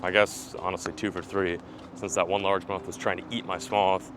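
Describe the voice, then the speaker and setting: A young man hosting a fishing vlog from a rocky riverbank, chatting casually and breaking into excited shouts when fish show up. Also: low-pitched, brisk, slight background noise. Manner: excitable, bursts into loud yelling when fish appear. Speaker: fishing video host. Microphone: camera mic, filmed by a camera operator.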